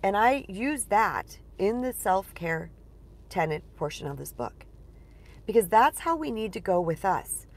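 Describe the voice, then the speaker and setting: A woman's voice: mid-range voice, big pitch swings, a little slow. A woman coach talking casually on a livestream, chatty and digressive, telling personal stories with animation. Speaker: relationship coach.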